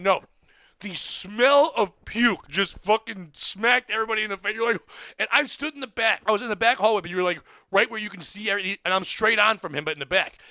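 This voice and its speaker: An excitable man with a high, gravelly voice tells a wild story on a podcast, swearing freely and yelping out the crowd's screams. His tone is bright and edgy, and the sound is close and dry with no room around it. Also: fairly quick, no room sound. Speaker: comedian telling a story on a podcast. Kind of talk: animated storytelling.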